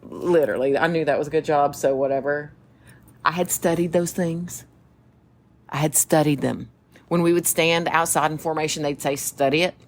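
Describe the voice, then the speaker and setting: A woman with a Southern US accent, co-hosting a podcast and telling stories in casual chat, animated, laughing often and acting out quoted voices. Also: low voice, normal speed. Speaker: podcast co-host.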